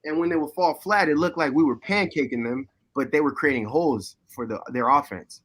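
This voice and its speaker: A man telling a football story in a casual podcast chat, animated and loud at times. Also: fairly high pitch, brisk. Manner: animated storyteller, shouting replays. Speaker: former player guest.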